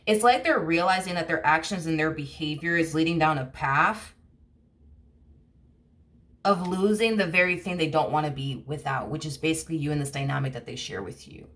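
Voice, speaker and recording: A woman gives a casual tarot reading in a low, slightly bright voice at a moderate pace. She rambles bluntly, leaning heavily on "you know" and "like," with the odd curse word.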